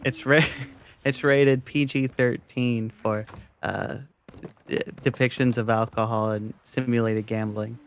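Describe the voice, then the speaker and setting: A man's voice: mid-range voice, little pitch movement, a little slow, slight background noise. A man gaming with friends, rambling and giggly, mocking himself. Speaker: co-player. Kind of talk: casual gaming chat.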